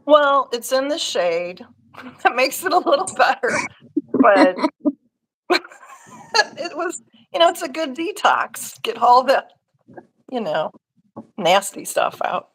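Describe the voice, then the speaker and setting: A woman's voice: sits high, big pitch swings, takes it slowly, pauses often, fairly bright tone, rough recording. Giggly, chatty middle-aged woman guest. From Missouri, US. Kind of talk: casual livestream chat.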